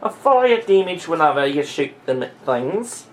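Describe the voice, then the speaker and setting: A woman's voice: sits low, very animated, measured pace, a little hiss or hum, pitched below the performer's own voice. A woman voicing a chatty female shop assistant in a tabletop game, rambling with fillers. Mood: helpful.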